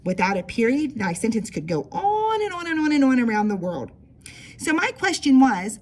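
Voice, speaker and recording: A woman teacher with a fairly high voice walks young children through writing a sentence. She stretches out word sounds slowly and keeps an encouraging tone. Her delivery is patient and clear for early learners. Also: very animated. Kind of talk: early-grade writing lesson.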